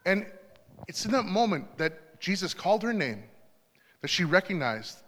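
A man's voice: sits high, very animated, normal speed. A middle-aged man preaching a sermon in a church, talking in a conversational way with little asides. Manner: conversational, warm storytelling with asides. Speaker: pastor. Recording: long hall reverb.

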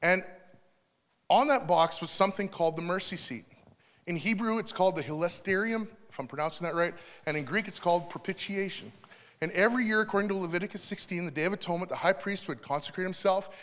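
A middle-aged man gives a sermon in a church, his voice sitting a little high for a man. He talks in a relaxed, conversational way and drops in small asides. The sound carries a long hall reverb. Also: quick pace. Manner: conversational, warm storytelling with asides. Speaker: pastor.

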